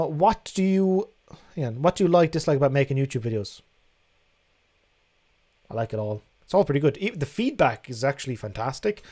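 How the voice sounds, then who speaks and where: A man's voice: on the high side, darkish tone. A young man hosting a casual livestream, reading out viewer questions and answering them in a frank, chatty way that includes casual swearing. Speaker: livestream host.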